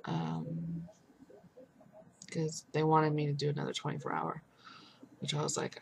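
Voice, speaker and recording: A young woman vlogging a casual video update, exhausted and frustrated, rambling with many pauses and fillers. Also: sits low, very animated, creaky, slight background noise.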